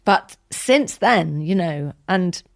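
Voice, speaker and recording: A woman, a podcast guest telling an emotional personal story in an earnest, tender way that sometimes drops to a soft whisper. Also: lowish voice, expressive, slow, vocal fry, no room sound, clean studio sound.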